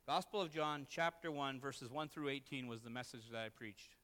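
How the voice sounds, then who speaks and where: A man's voice: mid-range voice, moderate pace, fairly bright tone, big-room sound. A man, preaching a sermon as a pastor and telling a personal story in an earnest, self-deprecating way.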